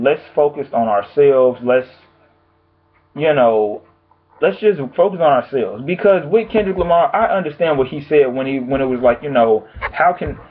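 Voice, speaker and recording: A man vlogging from home with blunt, profane, exasperated commentary on the news. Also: medium pitch. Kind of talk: casual opinion commentary. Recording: tinny phone-like audio.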